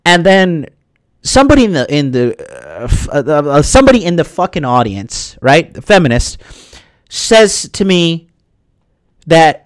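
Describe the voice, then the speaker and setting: A man's voice: on the high side, sing-song, normal speed, no echo. A young man in his twenties ranting casually to his viewers, rambling with many restarts and swearing often. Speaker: vlogger. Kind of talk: casual profane rant to viewers.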